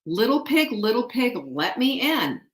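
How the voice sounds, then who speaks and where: A woman's voice: a little high, very animated, a little slow, voice pushed up. A woman voicing a tricky big bad male wolf in a storybook tale, recorded in an echoey room. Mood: threatening.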